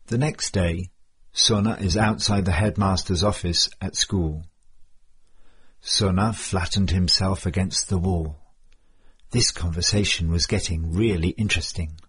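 Husky low-voiced male storyteller. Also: fairly even intonation, measured pace. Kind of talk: storybook narration.

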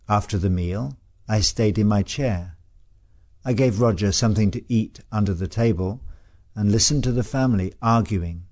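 A man reading a story aloud as first-person narrator, calm and measured. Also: lowish voice.

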